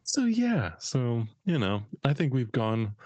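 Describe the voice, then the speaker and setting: A man's voice: medium pitch, big pitch swings, slow pace, mellow, dry recording, muffled recording. A man co-hosting a casual podcast, talking in a laid-back, rambling way with lots of fillers and blunt swearing. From California. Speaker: podcast co-host.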